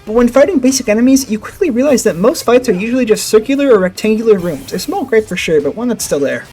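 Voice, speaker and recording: A man's voice: high voice, lively intonation, fast, hardly any pauses, darkish tone, husky. Joking young man reviewing a game. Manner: jokey, sarcastic, swears casually. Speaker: gaming channel host.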